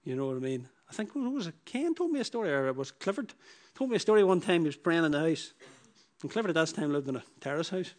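A man preaching a sermon, who repeats his phrases and swings from loud emphatic bursts to hushed, low lines. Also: very animated, fast talker.

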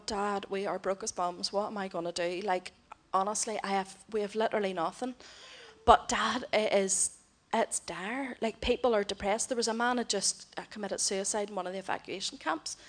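A middle-aged woman, giving a heartfelt mission report to a church congregation and voicing the people she quotes. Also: mid-range voice. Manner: heartfelt storytelling, voices others in quotes. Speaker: missionary speaker.

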